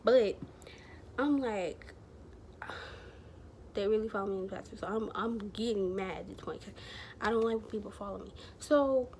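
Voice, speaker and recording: A woman's voice: medium pitch, moderate pace, pauses often, darkish tone, slight background noise. A woman vlogger telling a personal story to camera, rambling and chatty, full of fillers and slang.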